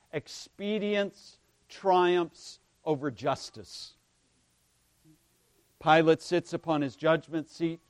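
A male pastor delivers a sermon at a slow, deliberate pace in a voice a bit higher than most men's. He swells to loud emphatic stresses, then drops almost to a whisper. The sound is close and dry, with no room echo. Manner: preaching with swells of emphasis and sudden hushed drops; frequent "right?" asides to the congregation.

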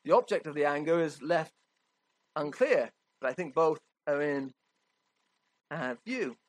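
A man's voice: fairly high pitch, expressive, measured pace, no echo, rough recording. A man preaching a sermon in a conversational, emphatic way, often checking in with his listeners.

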